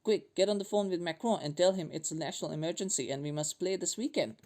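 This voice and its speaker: A man's voice: high-pitched, fast, a little mellow, voice pushed up, natural voice. A man putting on a bad French accent. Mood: frantic. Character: panicky male French football league official.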